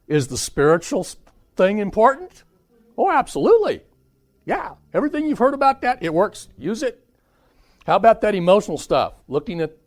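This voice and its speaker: A man teaching a parenting seminar to a live audience, keeping it lively by asking the listeners questions. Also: sits high. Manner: animated, asks the audience questions.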